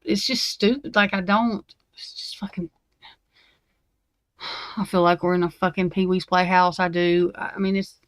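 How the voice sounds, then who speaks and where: A woman's voice: on the low side, fairly even intonation, moderate pace, few pauses, no echo. A woman, hosting a livestream and ranting to her viewers, profane and fired up. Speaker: true crime livestream host. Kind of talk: angry unscripted rant to viewers.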